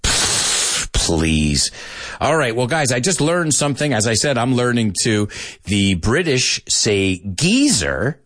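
A man hosting a casual live-stream English lesson, animated and slipping into Spanish asides. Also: mid-range voice, takes it slowly, no echo. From United States. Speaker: English teacher and show host.

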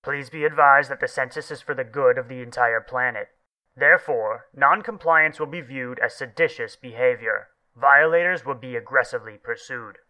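A man's voice: medium pitch, moderate pace, sharp tone, low-quality recording. An actor playing a self-important male TV news anchor with a formal broadcast delivery. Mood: stern.

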